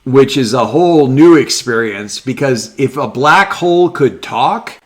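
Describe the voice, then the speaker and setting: A man running a tabletop game as game master, chatty and hesitant, with many pauses and ums. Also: mid-range voice, animated. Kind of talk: narrating a tabletop game session.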